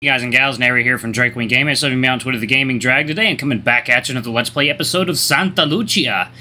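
A man's voice: mid-range voice, fast talker, sharp tone, faint music behind. A man hosting a gaming channel, reading a story game's narration aloud in a let's play.

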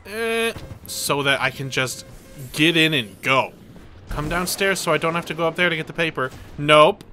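A man giving excitable let's play commentary, reading game dialogue aloud and yelping when things go wrong. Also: a little high, a little hiss or hum. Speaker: gaming video creator.

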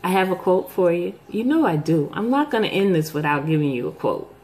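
A middle-aged woman hosting a vlog, chatting casually to her viewers and telling a story, jumping up in pitch to act out the voices she quotes. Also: sing-song, a little fast, darkish tone. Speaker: vlog host.

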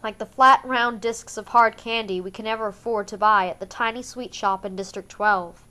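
A woman reading a first-person novel aloud for a fan-made audiobook, in a measured, subdued way. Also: on the high side, fairly even intonation, bright, forceful tone. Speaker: audiobook reader.

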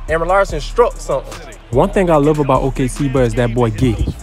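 Excitable young man yelling over gameplay. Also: fairly high pitch, fairly quick, music in the background. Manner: excitable trash talk, bursts into yelling. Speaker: gaming YouTuber. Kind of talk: casual gameplay commentary.

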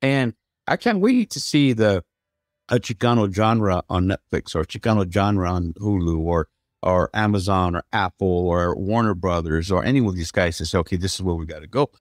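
Middle-aged US man, interview guest; lowish voice, earnest and emphatic, dry close sound. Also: expressive, moderate pace, no room sound. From United States. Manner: earnest, emphatic, with repeated restarts. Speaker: guest, streaming platform founder. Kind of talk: conversational interview.

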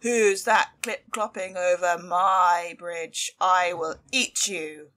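Big bad greedy troll as a lady puts him on, slow booming threats, storybook style. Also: fairly even intonation. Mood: menacing. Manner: loud, slow, bellowing threats.

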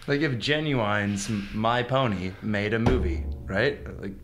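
A young man, a guest on a movie podcast, excitable and laughing in casual chat. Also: lowish voice, measured pace, music in the background.

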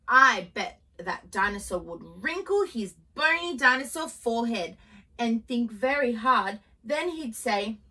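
A woman reading a children's picture book aloud, in a gentle, expressive storytelling manner. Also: fairly high pitch, measured pace, breathy edge, far from the mic, poor audio.

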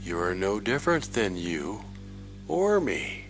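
Low-voiced man, slow profane rant, whispers and shouts, faint music behind. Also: very animated. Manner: swings between hushed whispers and shouting; heavy swearing. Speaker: video creator. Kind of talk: profane ranting monologue.

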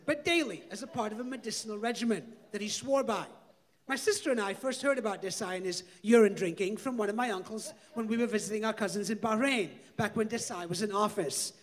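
A man with a very high voice reads his comic memoir aloud. His delivery is dry and deadpan. He lets the story carry the jokes. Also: a little fast. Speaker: author reading his memoir.

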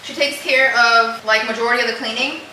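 A woman's voice: on the high side, steady tone, brisk, sharp tone, a little hiss or hum. A young woman vlogging while she cooks in her home kitchen, chatting to herself and her viewers. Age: young adult. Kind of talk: casual vlog chatter while cooking. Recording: echoey kitchen with clattering dishes. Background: cutlery and dish clatter.

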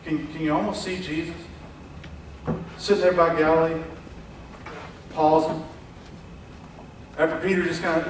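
A man preaching a sermon as pastor, animated, acting out quoted voices and dropping from loud to hushed. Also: a little high, normal speed, long pauses, slight background noise. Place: church sanctuary. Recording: echoey church hall from far off.

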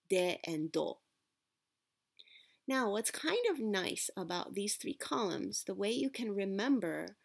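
A woman teaching Japanese pronunciation in a patient, deliberate classroom manner, modelling sounds for her students. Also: fairly low pitch, gravelly. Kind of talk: classroom-style lesson.

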